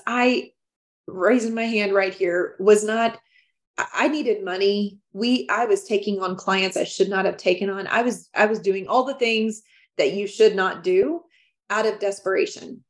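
A woman speaking as a guest on a business podcast, talking in an emphatic, expressive way with frequent restarts and laughs. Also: medium pitch, normal speed. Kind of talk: casual interview chat.

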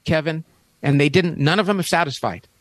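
A man's voice: a little high, brisk, fairly bright tone, no echo. A man in his fifties, a podcast guest, telling a story with enthusiasm and emphatic restarts. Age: 50s. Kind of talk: animated storytelling in conversation.

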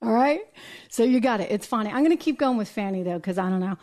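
Woman commentator, slightly high voice, animated, opinionated, mock voices for quotes. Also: quick pace. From United States. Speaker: host.

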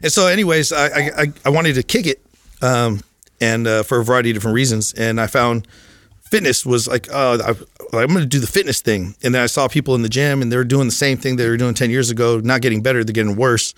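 A man in his thirties, a podcast guest, telling his life story in a candid, profane way, with halting restarts. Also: mid-range voice, a bit bright, no echo, clean studio sound. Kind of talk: casual storytelling.

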